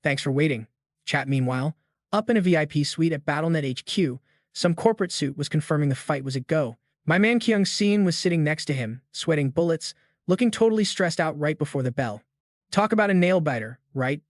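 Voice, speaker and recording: A man's voice: fairly high pitch, lively intonation, brisk, no echo, studio quality. A man narrating a comic-style story recap in a hyped, slang-heavy scripted manner.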